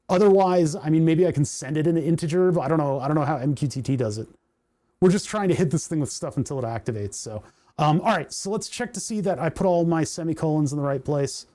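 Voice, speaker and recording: Man, livestream coding talk, thinking aloud, self-correcting, mellow tone. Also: a little high, no room sound, studio quality. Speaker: streamer coding a hardware project. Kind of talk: casual livestream coding commentary.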